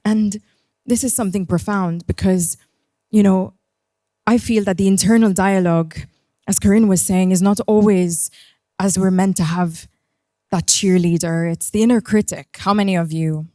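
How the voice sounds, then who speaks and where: A woman's voice: lowish voice, fairly even intonation, normal speed, warm tone, no echo, studio quality. A woman giving a personal keynote talk as a coach, speaking in an earnest, reflective way and guiding the audience through breathing.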